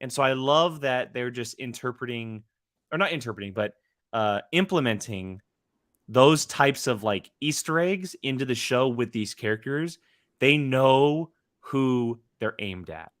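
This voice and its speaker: A young man co-hosting a casual fan podcast, excitable and teasing as he talks. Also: medium pitch, unhurried, dry recording, clean studio sound. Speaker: podcast co-host.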